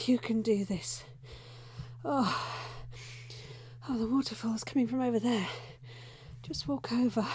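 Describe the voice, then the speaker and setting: A woman playing Candy, a breathy, flustered whispering reporter. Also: a little high, darkish tone, heavily acted. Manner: frantic, self-scolding, blurting curses. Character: flustered young female undercover reporter. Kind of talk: whispered role-play.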